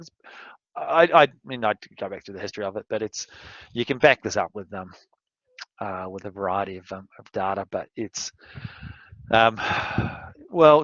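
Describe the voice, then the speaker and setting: A man's voice: on the low side, no echo. Rambling candid male lecturer, dull recording. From outside Australia. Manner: rambling, candid, gets worked up and ranting. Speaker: university lecturer.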